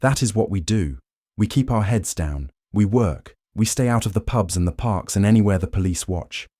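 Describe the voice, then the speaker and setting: A man's voice: fairly low pitch, lively intonation, moderate pace, mellow, dry recording, studio quality. A male narrator voicing Arthur, a weary servant who speaks firmly and with resignation. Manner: firm, resigned.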